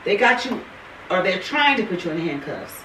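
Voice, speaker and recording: A Californian woman venting in a heated casual chat, swearing freely and hammering her points with repetition. Her voice is bright and swings widely in pitch. She sounds a bit distant, in a roomy space with faint noise behind. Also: big pitch swings, moderate pace. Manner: profane, emphatic, repeats herself.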